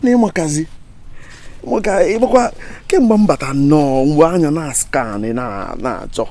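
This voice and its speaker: Casting: a man doing a showy Nigerian big man in a comedy film, flattering and boastful, lively voice. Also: on the high side, moderate pace. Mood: bragging. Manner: bragging, flattering. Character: self-important wealthy man boasting of charity.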